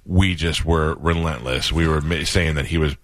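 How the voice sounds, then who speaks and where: A man's voice: rumbling low, moderate pace, background noise. A man hosting a radio interview, telling rambling stories in a casual chat with frequent restarts. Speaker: radio host.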